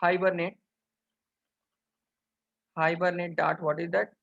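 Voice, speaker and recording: A man teaches programming over a screen recording, asking "what?" again and again. His voice sits high and sounds bright and sharp. The recording is dull and lo-fi. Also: flat delivery, takes it slowly, vocal fry. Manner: keeps asking rhetorical questions, addresses viewers as guys. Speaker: programming instructor. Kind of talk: screen-recorded coding tutorial.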